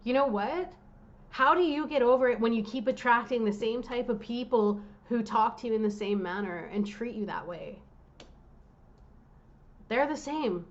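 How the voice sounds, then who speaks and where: A woman's voice: fairly high pitch, moderate pace, muffled recording. A woman tarot reader talking straight to her viewers, worked up and direct as she gives a reading.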